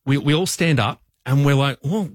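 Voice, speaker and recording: A man, co-hosting a radio show and telling stories in an animated, self-mocking way. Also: medium pitch, normal speed. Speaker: fill-in radio co-host. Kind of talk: casual radio banter. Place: radio studio.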